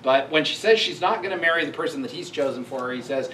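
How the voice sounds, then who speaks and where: A man's voice: a little high, quick pace, hardly any pauses, fairly bright tone, slight background noise. A man giving a conversational university lecture, thinking aloud and reading quoted lines with emphasis. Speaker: professor giving a public lecture. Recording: echoey hall recorded from far off.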